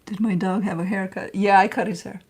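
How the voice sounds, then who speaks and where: A woman's voice: brisk, husky. Chatty woman doing a casual tarot reading. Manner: chatty and rambling, coos to her pets in a high excited voice. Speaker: tarot reader.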